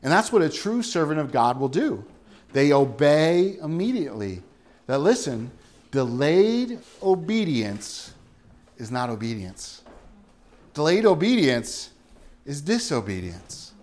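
A man preaching a sermon in a relaxed, conversational way, asking his listeners questions and acting out little everyday scenes. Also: medium pitch, normal speed. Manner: chatty, rhetorical questions, acts out everyday scenes. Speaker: pastor.

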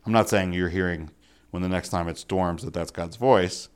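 A man preaching a casual sermon, full of rhetorical questions and offhand jokes, swinging between loud emphatic lines and quiet asides. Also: low voice, normal speed, clear, resonant tone.

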